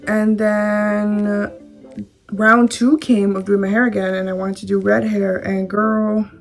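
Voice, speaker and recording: A young woman talks candidly to the camera, chatting through a personal story with plenty of fillers and the odd swear word. Her mid-pitched voice has a gravelly fry, and soft instrumental music plays faintly behind her. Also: little pitch movement, takes it slowly. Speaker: vlogger.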